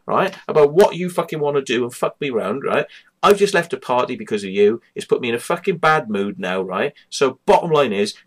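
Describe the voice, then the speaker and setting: A man telling a personal story to camera, heated and sweary, who keeps checking in with "right?" and "yeah?". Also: mid-range voice. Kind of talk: angry personal account to camera.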